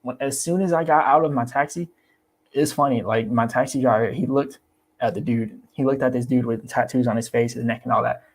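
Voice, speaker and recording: A man's voice: medium pitch, a little fast. A young man chatting casually on his livestream about crypto. He talks animatedly, repeats himself and acts out the people he quotes. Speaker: crypto YouTuber.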